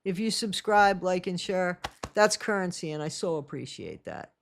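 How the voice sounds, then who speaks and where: A woman's voice: fairly low pitch, big pitch swings, normal speed, vocal fry, slight background noise. A woman hosting her own channel and giving blunt, sarcastic reaction commentary. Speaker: channel host.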